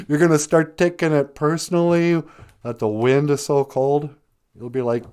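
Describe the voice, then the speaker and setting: Teaching Ojibwe on a relaxed live stream, this man jokes around, laughs a lot, and greets viewers by name. His voice is a little high and a bit mellow, and he keeps a measured pace.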